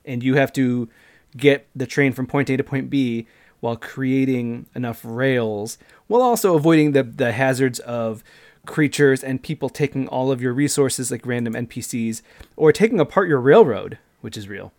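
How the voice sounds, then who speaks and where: A man in his thirties, co-hosting a casual gaming podcast and walking through how a game plays, step by step and with animated energy. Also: mid-range voice, normal speed. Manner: animated, explains games step by step. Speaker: podcast co-host.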